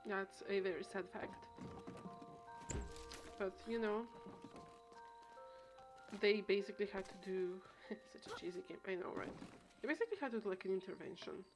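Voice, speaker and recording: A woman's voice: mid-range voice, lively intonation, normal speed, pauses often. Young woman streamer with music behind, dramatic, self-mocking game chatter. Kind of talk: casual live game commentary.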